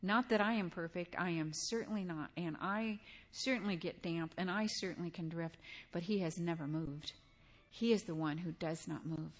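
Her voice fairly low and her pace moderate, an older woman preaches in a conversational style, asking her audience direct questions and sharing stories from her own life.

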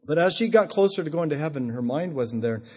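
A middle-aged man preaching a sermon, telling stories and swinging from quiet asides to loud, high emphasis. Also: lively intonation, a little fast, husky. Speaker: pastor. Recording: long hall reverb.

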